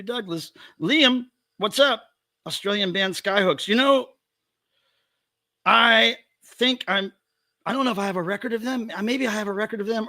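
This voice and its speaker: A man's voice: a little high, pushed and bright, no room sound, clean studio sound. A man hosting a casual livestream from home, playfully greeting viewers one by one. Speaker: livestream host.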